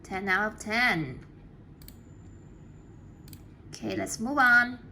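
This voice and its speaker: A woman English teacher in a classroom talks at a slow, unhurried pace and at an ordinary pitch. She is patient and encouraging, and she walks her students through each step clearly. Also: bright, forceful tone, a little hiss or hum.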